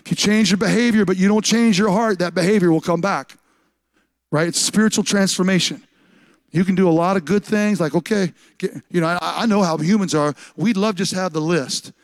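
A man's voice: high voice, brisk, dry recording. A man preaching a sermon as pastor, emphatic and repetitive, often restarting his words.

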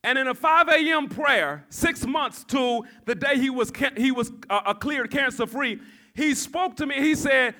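A male pastor in full sermon mode, with a very high voice and a bright, forceful edge. He calls on the congregation to respond and climbs into shouts as he preaches. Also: lively intonation, unhurried.

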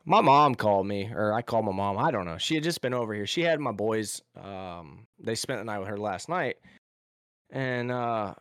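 A man's voice: lowish voice, moderate pace, no echo. A man in his thirties chats on a podcast and tells his stories with lots of movement in his voice, rising and falling as he acts out each voice. The sound is dry and close, with no room around it. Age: 30s. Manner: animated storyteller, acts out voices. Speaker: podcast guest. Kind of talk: casual chat, storytelling.

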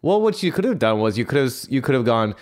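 Man, podcast host, casual chat, animated, rambling, lively pitch. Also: quick pace. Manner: animated, laughing, rambling play-by-play recaps.

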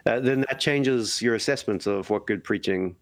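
Gravelly New preacher chatting. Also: male voice, lowish voice, normal speed, no room sound. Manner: self-deprecating, thinks aloud with restarts. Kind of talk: casual podcast chat.

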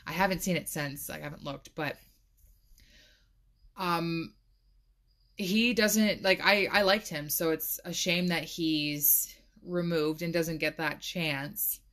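Speaking slowly in a low-sitting, slightly bright voice, this podcast host chats casually on her own show. Her talk is full of "like," and she laughs frequently.

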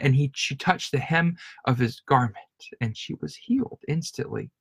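A man preaching with earnest feeling, circling back over his words and repeating phrases for emphasis. His voice sits at an ordinary middle pitch. The sound is close and dry, with no room echo. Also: normal speed, vocal fry, breathy edge. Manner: earnest, repetitive, stumbling restarts. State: emotional. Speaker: pastor. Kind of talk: sermon.

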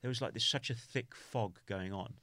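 A podcast guest from the United Kingdom, speaking at medium pitch with a pushed, bright voice, relates a personal story. He is halting, restarting often and using "you know" fillers. There's no room sound in the recording.

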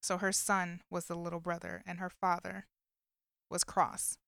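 Woman chatting away, lots of like and um, super clear voice, dry close sound. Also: on the low side, level tone, unhurried, a bit bright, no echo. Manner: chatty storytelling with many fillers. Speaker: vlogger recapping a movie. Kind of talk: casual chat.

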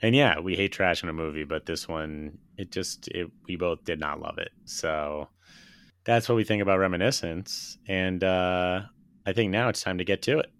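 A man's voice: deep voice, normal speed, a bit bright, clean tone, no echo. A man co-hosting a casual movie podcast, retelling film scenes with enthusiasm and the odd swear. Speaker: podcast co-host.

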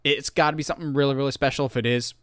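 A man co-hosting a casual podcast, retelling scenes in an animated way and acting out the lines. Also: mid-range voice, racing, no room sound, studio quality. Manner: animated storytelling, acts out quotes. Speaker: podcast co-host. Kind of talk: casual chat.

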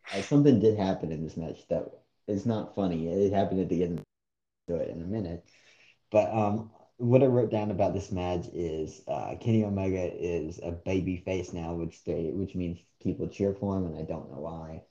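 A man with a low, very dark voice co-hosts a casual podcast, blunt and dismissive as he chats. The sound is echoey and dull, like a roomy home setup with a muffled mic. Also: normal speed. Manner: blunt, dismissive, laughs often. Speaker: co-host.

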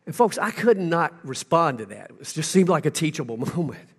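A man preaching a sermon to his congregation. He tells a story and then swings from hushed, slow passages to loud, emphatic ones. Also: fairly high pitch, sing-song, breathy edge. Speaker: pastor.

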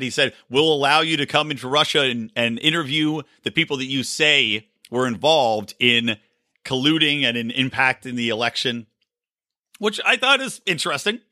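A man's voice: mid-range voice, pushed and bright, no echo, studio quality. A man hosting a podcast, ranting sarcastically about politics and swearing freely, short on sleep. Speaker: podcast host. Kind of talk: solo political commentary.

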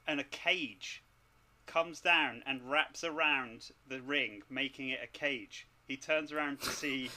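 A man taking part in a casual podcast game, telling his story in an animated, vivid way. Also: mid-range voice, slow, slight background noise.

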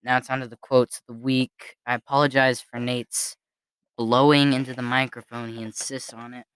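A man's voice: medium pitch, level tone, moderate pace, fairly bright tone, smooth, no echo. A young man co-hosting a podcast in casual chat, teasing his brother with jokey banter. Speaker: podcast co-host.

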